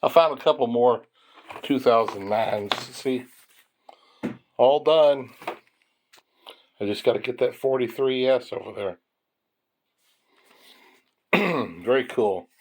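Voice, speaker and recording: Hosting a coin-hunting video, this mid-range-voiced man talks at a moderate pace while going through pennies. His chat with viewers is casual and folksy, full of chuckles, and he addresses them as folks while searching coin rolls.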